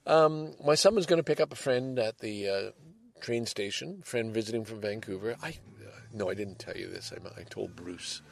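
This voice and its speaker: A man's voice: fairly low pitch, normal speed, vocal fry. An older man hosting a podcast, talking from home in a rambling, casual monologue that swings between heavy and lighthearted. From Canada. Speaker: podcast host. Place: home, by a window.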